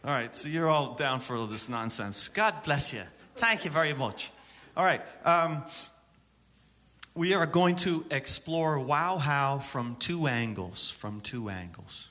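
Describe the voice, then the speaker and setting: A man's voice: a little high, pushed and bright. A man from Syracuse, New York, presenting a songwriting workshop at a conference, joking and bantering with the audience. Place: conference hall with a live audience. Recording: long reverb from a hall.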